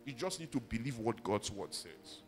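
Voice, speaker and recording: A man's voice: mid-range voice, sing-song, normal speed, in a large hall, soft background music. A man preaching a sermon, emphatic and calling on the congregation to repeat his words. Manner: emphatic, rises to loud exhortation. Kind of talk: sermon with call-and-response.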